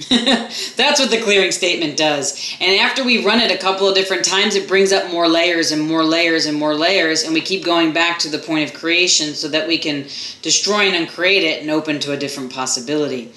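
Woman talk radio host, bright and effusive, roomy echoey sound. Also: deep voice, brisk. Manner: enthusiastic, animated, chatty. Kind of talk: casual talk radio chat.

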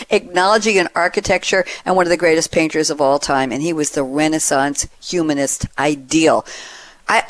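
A woman hosting a panel discussion, chatty and playful, with quick asides. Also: lowish voice. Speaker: host.

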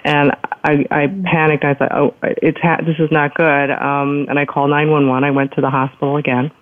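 A woman telling a personal story in a casual, lively way, acting out the people she quotes. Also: low voice, moderate pace, no echo. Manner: lively retelling, acts out quoted doctors. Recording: tinny phone-line sound.

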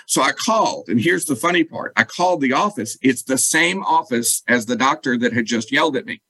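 A man, a guest telling a personal story in lively, casual talk and acting out what others said. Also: medium pitch, brisk, husky, dry recording, poor audio. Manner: animated, acts out quoted dialogue.

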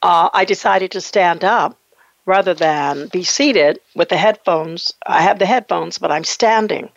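A woman's voice: on the low side, unhurried, vocal fry, dry recording, highs cut off. A woman hosting a show, standing with headphones on, asking questions hesitantly and repeating words as she goes. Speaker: radio show host. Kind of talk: interview conversation. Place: standing at home studio with headphones.

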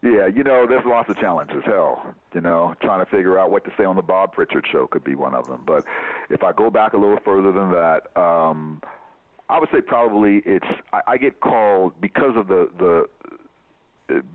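A man with a low voice talks as a guest in a relaxed interview, full of energy and circling back over his own phrases as he builds a point. The sound is thin and narrow, like a phone line on radio. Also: normal speed, no room sound. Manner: energetic, repeats and restarts phrases. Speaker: poet and speaker, guest. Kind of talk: casual interview talk.

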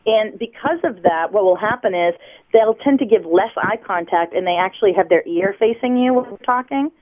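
A woman from the United States, a body language expert, explaining on a radio show in a lively teaching tone over the phone. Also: medium pitch, moderate pace. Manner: lively teaching tone, acts out examples. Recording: tinny phone line.

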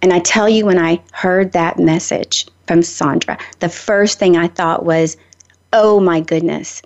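A middle-aged woman from Nashville with a Southern accent, hosting a radio show and telling stories in a talkative, animated way. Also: fairly low pitch, unhurried, muffled recording. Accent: Southern American. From Nashville, Tennessee. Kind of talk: chatty radio monologue.

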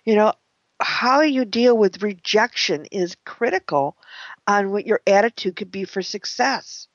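A woman giving a motivational talk, telling a personal story with dramatic pauses and repeated phrases. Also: mid-range voice, animated, dry recording. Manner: dramatic, repetitive storytelling with slowed emphasis. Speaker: motivational speaker. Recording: dull, lo-fi, dry sound.

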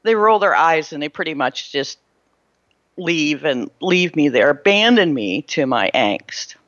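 A middle-aged woman tells her own story with a lower-than-usual voice that swings widely in pitch. She often stumbles, restarts and repeats words as she goes. The sound is dull and lo-fi, with a dry, close feel. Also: animated, a little slow, fairly bright tone, no room sound. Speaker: spiritual storyteller. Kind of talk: personal storytelling monologue.

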